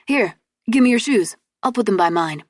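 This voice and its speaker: A woman's voice: mid-range voice, animated, moderate pace, dry recording, clean studio sound, close to an everyday voice. A woman narrator voicing a cheerful young man who teases in a playful way. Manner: playful, teasing.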